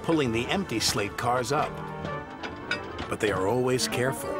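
A man narrating a children's storybook in a scripted, expressive manner. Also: medium pitch, moderate pace. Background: loud background music.

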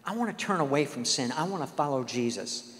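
A man's voice: medium pitch, expressive, brisk, a bit bright. Earnest man preaching in a reverberant hall. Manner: earnest storytelling, acts out quoted dialogue. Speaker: guest speaker. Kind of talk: sermon.

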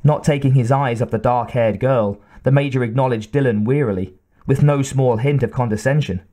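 A man reads an audiobook aloud in a steady, even tone. His voice sits at a middle pitch for a man. He carries the story without rushing. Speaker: audiobook narrator. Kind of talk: scripted narration.

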